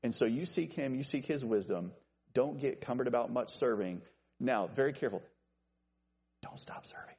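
A man preaching an evening sermon, animated and joking with listeners he calls by name. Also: a little fast, husky. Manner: animated, jokey asides to named listeners, lively pitch swings.

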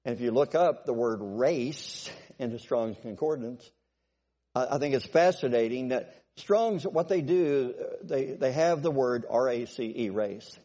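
A man preaches a sermon conversationally, often restarting, repeating himself and asking the congregation whether they follow. His mid-range voice is mellow and animated, and he speaks a little slowly. A long hall reverb surrounds the recording.

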